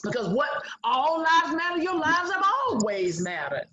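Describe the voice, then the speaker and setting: Middle-aged lady guest, high voice, really emphatic storyteller, roomy echoey sound. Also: a little fast, hardly any pauses, dull audio. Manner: animated, emphatic, acts out quotes. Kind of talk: interview storytelling.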